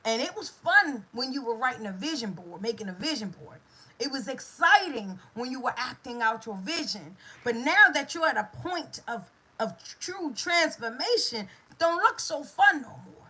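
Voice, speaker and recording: A middle-aged woman speaks with a bright, forceful tone that carries a husky edge. She delivers a motivational talk as a manifestation coach, repeating key lines like a preacher and breaking into lively asides. Her voice sits a little high for a woman. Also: rough recording.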